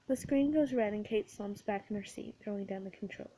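A woman reading a comic story in first person, with wry, breathy asides. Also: medium pitch, fairly quick, dark tone, low-quality recording. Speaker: audiobook reader.

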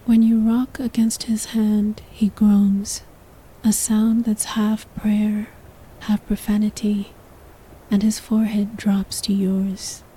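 A woman tells a sensual story straight to the listener in a whispered role-play. Her breathy, mellow whisper moves slowly and stays level, with little rise or fall. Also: mid-range voice, level tone, poor audio. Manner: second-person storytelling, hushed and sensual. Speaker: narrator.

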